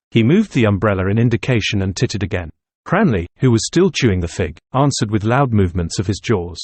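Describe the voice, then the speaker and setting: A man narrating a novel as an audiobook, reading at a steady, measured pace. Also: fairly low pitch, dry recording.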